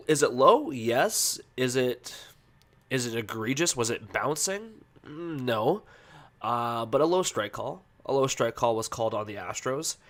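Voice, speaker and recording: A man's voice: medium pitch, fairly bright tone. A man hosts a casual podcast in an ordinary mid-range voice. He talks loosely and hesitantly, full of fillers and restarts, then slides into heated, profane ranting. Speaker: podcast host.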